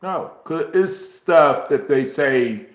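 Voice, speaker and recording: A man talking casually on his livestream, rambling slowly and filling pauses with ums. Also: a little high, expressive, roomy sound. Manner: slow, drawn-out, rambling talk with frequent ums. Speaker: YouTuber streaming a chat. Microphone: phone, recorded while walking.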